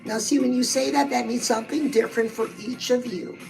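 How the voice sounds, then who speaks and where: Bubbly high-voiced woman fitness coach. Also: fairly even intonation, brisk, creaky, darkish tone, faint music behind, low-quality recording. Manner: bubbly, chatty, calls listeners "girl". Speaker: fitness and weight-loss coach. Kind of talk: upbeat motivational vlog.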